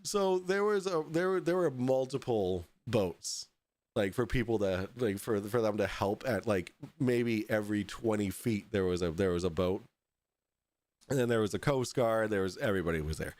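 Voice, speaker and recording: A man's voice: lowish voice, lively intonation, moderate pace, darkish tone, no echo. A man hosting a podcast, telling a story in a casual, profane way, often laughing through it. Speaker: podcast host.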